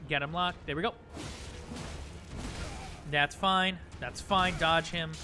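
A man's voice: on the high side, fairly even intonation, takes it slowly, background noise. A man chatting through a live gameplay stream, joking at himself and muttering the same phrases over and over. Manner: chatty, self-mocking, repeats phrases under his breath. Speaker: game streamer.

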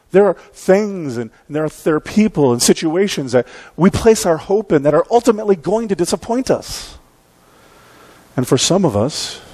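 A medium-pitched, somewhat mellow man's voice belongs to a pastor in his forties. Standing in the church sanctuary, he preaches by telling a chatty, humorous story at his own expense, frequently asking the congregation "right?"

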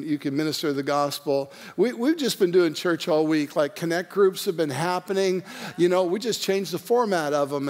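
A man's voice: fairly high pitch, a little mellow. A male pastor opening a sermon in a casual, chatty way, joking and using many fillers and restarts. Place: church online service.

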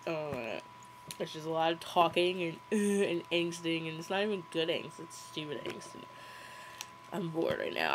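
A woman's voice: fairly low pitch, sing-song, normal speed, slight background noise, rough recording. A young woman giving a casual running commentary on a movie, giggly and sarcastic.

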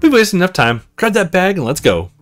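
Guy reading a determined young woman in a visual novel, quick and urgent, kinda high voice. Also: very animated, a bit bright, faint music behind. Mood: impatient.

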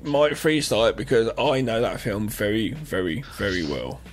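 A man's voice: on the low side, big pitch swings, normal speed. A man co-hosting a podcast, joking around in a laid-back, casual way. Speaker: podcast co-host.

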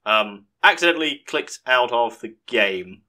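Bright, chatty man commenting on a game. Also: medium pitch, animated, a little slow. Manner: chatty, sarcastic, laughs at his own mishaps. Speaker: let's play host. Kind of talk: casual gameplay commentary.

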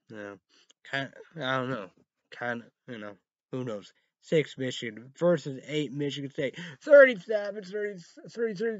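A man talks through college football results in a loose, rambling way, stumbling over words and circling back with fillers. His voice sits at an ordinary middle pitch, and the recording is dry and a little dull, as if made at home. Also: dry recording. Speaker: show host. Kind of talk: casual sports recap vlog.

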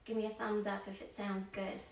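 A woman storyteller running an interactive children's show, playful and animated, talking straight to the children watching. Her voice is picked up a bit away from the mic in an echoey room. A faint hiss sits behind it. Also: medium pitch, a little fast, distant mic. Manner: animated, playful, talks straight to young viewers.

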